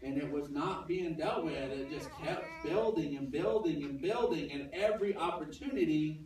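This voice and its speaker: A pastor preaches in a church sanctuary, telling a personal story conversationally and acting out the other people's lines. His voice is on the high side and a little mellow, at a moderate pace, captured from a distance in a very echoey church.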